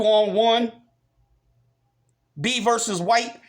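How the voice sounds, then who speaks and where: Vlogger, male, fairly high voice, heated and profane, repeats his points. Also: lively intonation, normal speed, fairly bright tone. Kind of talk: angry rant to camera.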